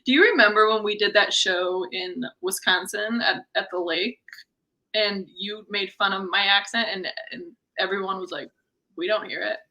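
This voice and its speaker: A woman's voice: medium pitch, fairly even intonation, normal speed, bright, forceful tone, low-quality recording. A woman from Missouri with a folksy Midwestern accent, a stand-up comedian who is a guest on a podcast, chatting casually, laughing often and poking fun at herself. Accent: folksy Midwestern American. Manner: laughs often, self-deprecating. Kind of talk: casual chat.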